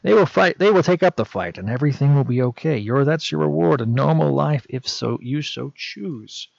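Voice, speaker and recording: A man's voice: a little high, animated, normal speed, creaky, no echo, exaggerated voice. A man voicing a cryptic old woman seer who speaks in mysterious prophecies. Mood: ominous. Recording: dull lo-fi dry recording.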